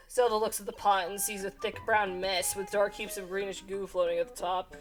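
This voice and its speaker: A woman's voice: medium pitch, fairly even intonation, fairly quick, hardly any pauses, fairly bright tone, soft background music. A woman running a gamebook adventure as game master, reading aloud casually and laughing between lines.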